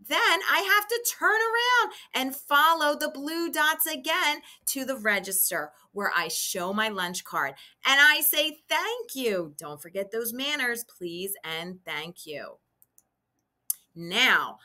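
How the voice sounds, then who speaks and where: Woman, kindergarten teacher, instructional video for little kids; sing-song and clear, bright tone. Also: fairly high pitch. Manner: slow, sing-song teacher voice addressing children. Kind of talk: instructional video for young children.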